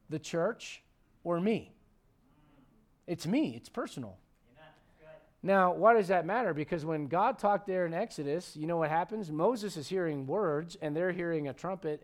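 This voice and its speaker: A man's voice: fairly high pitch, a little slow. A male pastor preaching a conversational sermon to his congregation, emphatic and full of questions to the room. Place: church sanctuary.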